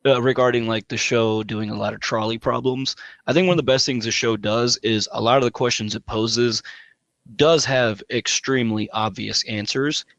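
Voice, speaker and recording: Man, mid-pitched voice, dry sound, animated panel guest, restarts often. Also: normal speed, dry recording. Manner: animated, self-interrupting, laughing asides. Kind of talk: casual panel discussion.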